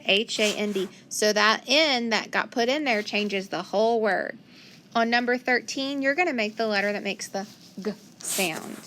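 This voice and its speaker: A woman's voice: medium pitch, sharp tone, a little hiss or hum. A woman teaching a phonics lesson to young children, patiently sounding out letters and words and praising each answer.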